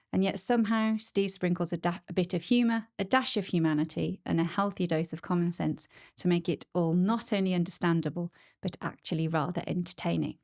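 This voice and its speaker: A woman in her fifties, a podcast guest who reads a review aloud and chats in a self-deprecating way. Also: fairly low pitch. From United Kingdom. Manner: self-deprecating, laughs often. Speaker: podcast guest, tax specialist. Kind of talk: casual chat, reading a review aloud.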